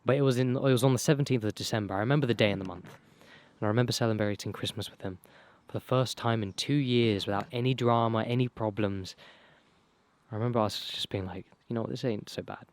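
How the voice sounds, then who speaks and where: A young man tells his own life story casually, rambling and swearing, with many fillers and restarts, his voice going hoarse. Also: fairly low pitch, quick pace, no echo. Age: young adult. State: losing his voice. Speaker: vlogger.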